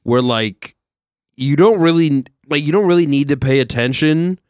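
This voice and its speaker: A man's voice: fairly high pitch, normal speed, no echo, studio quality. A man hosting a podcast, chatting casually and chuckling often. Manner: laid-back, chuckles often. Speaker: podcast host. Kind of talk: casual chat.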